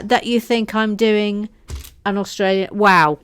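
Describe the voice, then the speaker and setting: A woman's voice: medium pitch, steady tone, unhurried, clear, resonant tone. A woman co-hosting a casual chat while building, reading comments aloud in a playful way. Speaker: co-host.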